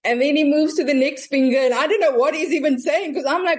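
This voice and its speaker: Animated woman telling a story. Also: high voice, fast. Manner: animated, voices the people in her story. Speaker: guest telling her story. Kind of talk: casual storytelling.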